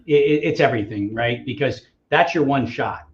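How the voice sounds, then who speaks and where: A man as a podcast guest, telling a story in a casual, animated way and acting out the dialogue. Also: mid-range voice, normal speed. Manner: animated, acts out quoted dialogue. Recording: slightly muffled audio.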